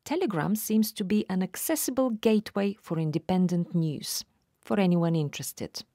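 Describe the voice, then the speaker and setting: A woman hosting a news podcast, narrating in a measured, explanatory way. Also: lowish voice, dark tone, no echo, studio quality. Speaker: podcast host. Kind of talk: scripted narration.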